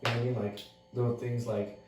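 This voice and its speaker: A man's voice: mid-range voice, little pitch movement, fast, music in the background. A man telling a story casually on a podcast. He swears a lot and fills his speech with "like.". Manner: heavy swearing, lots of "like" fillers. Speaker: podcast co-host. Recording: very echoey room, far from mic.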